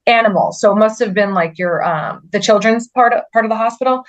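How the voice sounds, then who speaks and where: Earnest woman telling her story, halting. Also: mid-range voice, muffled recording. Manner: earnest, halting, with frequent restarts and "like" fillers. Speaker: podcast guest. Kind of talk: personal story in a conversational interview.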